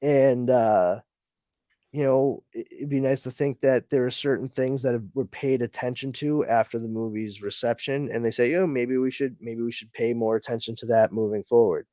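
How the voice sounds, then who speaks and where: A man's voice: mid-range voice, steady tone, moderate pace, dark tone, no room sound, clean studio sound. A man hosting a casual podcast chat, reading out listener comments and rambling with many restarts. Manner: rambling, frequent restarts and fillers. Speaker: podcast host.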